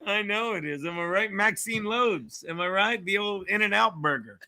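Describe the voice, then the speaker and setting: A man hosting a casual football watch stream, loud and excitable, yelling at the game. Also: high-pitched, moderate pace, gravelly. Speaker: livestream host.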